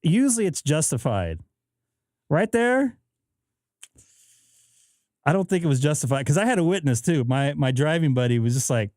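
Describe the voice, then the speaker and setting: Guy on a live stream telling a road story, acts out both sides, voice kinda high, super dry mic. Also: very animated, moderate pace, pauses often, a little mellow, dry recording. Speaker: host. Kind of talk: casual chat. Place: home radio shack.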